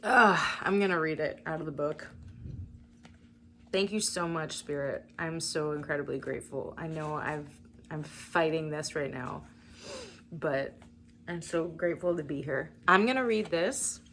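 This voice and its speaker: A woman's voice: sits low, measured pace, fairly bright tone, slight background noise. A woman giving a spiritual reading to camera, casual and emotional, talking straight to her viewers. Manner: emotional, casual, swearing, speaks to viewers as collective. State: emotional, near tears. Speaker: tarot reader.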